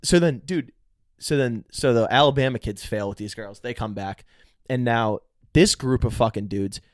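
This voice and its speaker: A man telling a bar story on a comedy podcast, animated and full of swearing, acting out other people's lines. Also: mid-range voice, moderate pace, no echo, studio quality. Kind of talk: casual storytelling chat.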